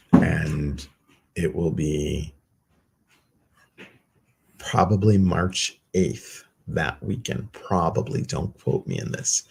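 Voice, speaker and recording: A man's voice: sits low, vocal fry, a little mellow, breathy edge. A man hosting a meditation group livestream, giving casual, chatty announcements with a loose, self-teasing manner.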